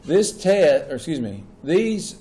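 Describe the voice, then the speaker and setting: A man's voice: fairly high pitch, very animated, slow, dark tone. A man teaching a class, often checking whether his students follow. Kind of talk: classroom lecture.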